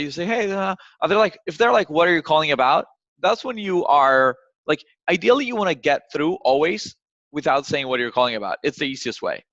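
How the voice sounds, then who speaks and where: A man coaching on cold calling over a video call, often acting out phone exchanges in a raised, lively voice. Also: medium pitch, no room sound. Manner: acts out phone calls in a raised voice. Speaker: sales trainer. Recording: dull, dry video call audio.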